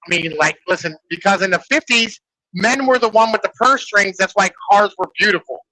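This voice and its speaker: A man's voice: sits high, fairly quick, pushed and bright, dry recording, rough recording. A man in casual podcast chat, rambling and profane, leaning on "like" and "right?". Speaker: podcast host.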